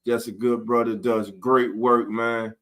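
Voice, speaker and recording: A man's voice: medium pitch, level tone, a little slow, a bit bright. A man hosting a casual live-stream sports talk show, greeting viewers in chat by name.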